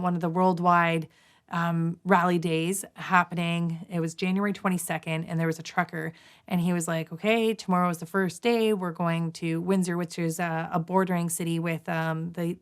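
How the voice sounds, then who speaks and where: Chatty woman telling a story, low-pitched. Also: fairly even intonation, normal speed, smooth. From Canada. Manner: chatty, full of fillers and quoted asides. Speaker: guest, nurse. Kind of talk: casual interview storytelling.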